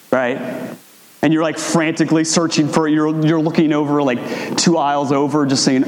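A man preaching a sermon in a conversational way, acting out quotes with big swings in pitch. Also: fairly even intonation, normal speed, a little hiss or hum. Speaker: pastor. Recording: echoey hall with long reverb.

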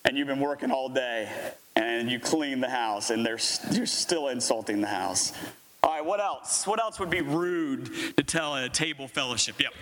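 A man's voice: mid-range voice, normal speed. A man, preaching a conversational sermon as pastor, joking with and calling on his congregation. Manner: lively, jokey, talks with the congregation.

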